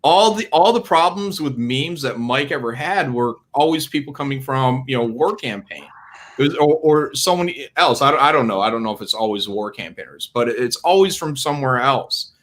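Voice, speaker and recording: Bright-voiced, blunt, profane man. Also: mid-range voice, lively intonation, moderate pace. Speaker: guest on a livestream talk show. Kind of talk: casual livestream chat.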